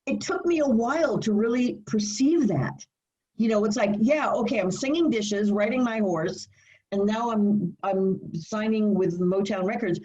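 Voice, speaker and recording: An older woman, a singer, telling her life story in a casual interview, animated and laughing, acting out what people said. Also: mid-range voice, unhurried, highs cut off. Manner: animated, laughing, acts out quotes. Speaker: singer guest.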